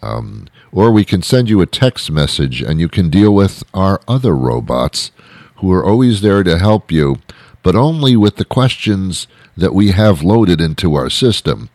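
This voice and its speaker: A man's voice: sits low, lively intonation, a little slow, a little mellow, no echo. A man voicing a dismissive automated customer-service robot that brushes callers off bluntly. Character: curt, dismissive automated phone robot, male.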